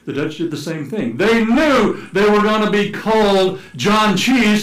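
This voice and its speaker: A man preaching a sermon in a church, telling stories with humor and sometimes shouting out playful calls to act them out, then reading scripture aloud. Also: high voice, expressive, moderate pace. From United States. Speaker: pastor. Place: church sanctuary. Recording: echoey church room.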